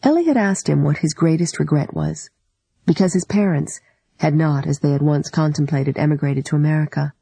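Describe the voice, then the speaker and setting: Audiobook narrator: warm, slightly husky, dry close sound, deliberate literary reading. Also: medium pitch, no room sound, low-quality recording.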